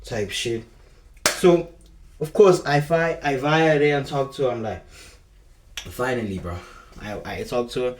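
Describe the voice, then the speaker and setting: A young man with a South African accent tells a casual, slangy storytime a little slowly, with long pauses, in a mid-range voice. He rambles and keeps calling the viewer "bro," while crowd noise and an echoey room come through a distant mic.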